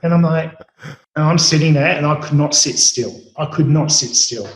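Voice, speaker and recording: A man's voice: on the high side, normal speed, roomy sound, poor audio. A middle-aged Australian man, a chef, telling stories casually in an interview, rambling with many fillers and restarts. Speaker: chef, podcast guest.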